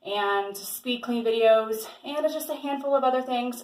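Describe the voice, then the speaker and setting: A woman's voice: on the high side, fairly even intonation, moderate pace. A young woman in her twenties vlogging casually at home, chatty and rambling with lots of fillers. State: slightly out of breath. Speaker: lifestyle vlogger. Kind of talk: casual vlog chat. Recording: echoey room.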